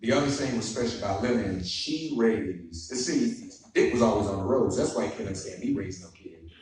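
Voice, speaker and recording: A man's voice: fairly low pitch, expressive, a little fast, a little mellow. A man moderating a public conversation, telling stories in a folksy, joking way and speaking straight to the audience. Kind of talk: storytelling and introducing a guest. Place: courthouse event hall. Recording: echoey hall, far from the mic, noisy.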